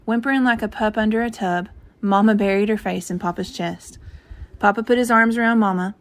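Female reader, gentle storytelling of a novel, medium pitch. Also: fairly even intonation, brisk. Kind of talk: reading a novel aloud.

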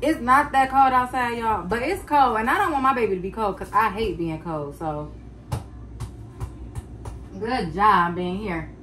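Chatty young mom vlogging at home. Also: female voice, on the high side, unhurried, a bit bright, slight background noise. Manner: chatty, addresses viewers as y'all constantly. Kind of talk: casual home vlog talking to camera. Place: home kitchen and living room.

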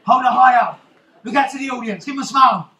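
A very high, bright, pushed voice comes from an actor talking quickly as a swaggering, rum-loving pirate captain at a live children's theatre show. Theatrical and teasing, he calls out to the crowd while the reverberant stage picks up a little hiss or hum.

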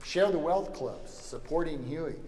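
A man lectures in a wry, joking manner, slipping "you know" in between his points. His voice sits a little high for a man. The sound carries a long echo from a lecture hall, with faint noise underneath. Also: expressive, measured pace, warm tone. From Louisiana. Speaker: lecturer at a summer seminar. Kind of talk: anecdotal lecture.

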